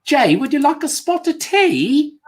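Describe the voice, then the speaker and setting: A man putting on an overdone British accent as a hammy, polite British man, high and sing-song. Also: sing-song, unhurried, full character voice. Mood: teasing. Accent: exaggerated British accent.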